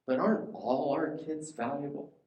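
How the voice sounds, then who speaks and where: A man's voice: fairly high pitch, moderate pace, a little mellow, roomy sound. A man preaching a sermon in a conversational way, often asking his listeners questions.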